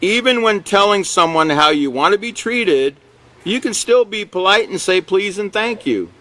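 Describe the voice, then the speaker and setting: A man leads a live character education class, talking it through conversationally. His voice sits a little high for a man. He checks in with "okay" and "you know" and chuckles now and then. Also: expressive, normal speed, pushed and bright.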